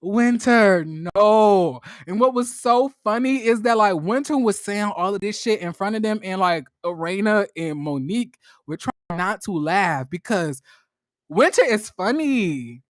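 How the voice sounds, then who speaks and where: A man recapping a reality show in a casual, slangy, animated monologue, jumping into high squeals when acting out quotes. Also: moderate pace, no echo, clean studio sound.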